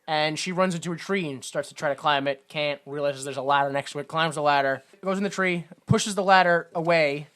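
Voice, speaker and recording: A woman's voice: deep voice, fairly quick, hardly any pauses, a bit bright. A woman co-hosting a podcast, recapping a film in rambling casual chat, swearing and acting out silly quotes. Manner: rambling, laughing, swearing, acts out quotes in a goofy raised voice. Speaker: podcast co-host.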